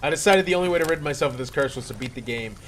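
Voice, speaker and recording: A man's voice: medium pitch, animated, rapid-fire, a little hiss or hum. A man reading a horror story aloud in a playful, mock-dramatic way. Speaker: creepypasta reader.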